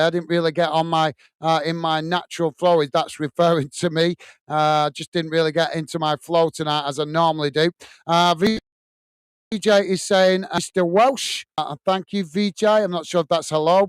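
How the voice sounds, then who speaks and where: High, smooth-voiced man chatting. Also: fairly even intonation, moderate pace, no echo. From United Kingdom. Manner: chatty, friendly, many fillers, thanks viewers by name. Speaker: host of a football watch-along show. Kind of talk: casual chat reading out viewer comments. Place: home studio room.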